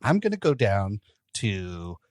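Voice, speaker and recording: A man co-hosting a casual podcast chat, presenting the beer news in a relaxed, amused way. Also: lowish voice, slow pace, no room sound, clean studio sound.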